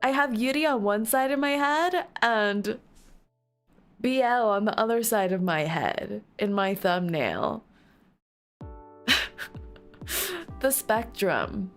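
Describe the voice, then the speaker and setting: A woman's voice: mid-range voice, expressive, slow pace, pauses often, faint music behind. A woman streamer chatting casually with her viewers, playful and giggly, breaking into squealing outbursts now and then.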